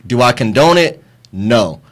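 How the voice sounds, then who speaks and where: A man's voice: mid-range voice, a little slow. A man on a radio talk show telling a story in a casual, blunt way, swearing often and speaking from a studio microphone. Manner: profane, blunt, animated retelling of a bar fight.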